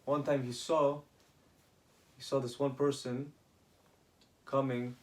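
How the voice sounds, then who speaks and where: A man tells a religious story in a loose, conversational way, stopping and restarting sentences as he goes. His voice sits at an ordinary middle pitch. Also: little pitch movement, slow. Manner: retells with acted quoted dialogue and many restarts.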